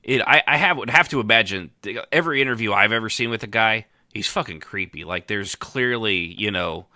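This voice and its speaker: A man co-hosts a podcast in loose, casual conversation, circling his point with many fillers and false starts. His voice sits low but has a bright, forward edge. The recording is dry and close, with almost no room sound. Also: fairly quick, no room sound. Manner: rambling, many fillers and restarts. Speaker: podcast co-host. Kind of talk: casual chat about roleplay.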